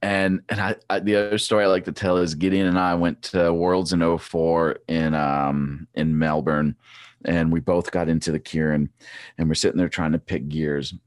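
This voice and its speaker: A man in his forties, a former track cyclist, chatting as a podcast guest and telling rambling, animated stories with many restarts. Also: low-pitched, moderate pace, no echo, clean studio sound. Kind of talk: casual chat.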